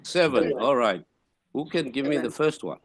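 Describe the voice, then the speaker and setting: A man teaching a classroom lesson, sounding out words slowly syllable by syllable and repeating them. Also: mid-range voice, expressive, breathy edge, no echo.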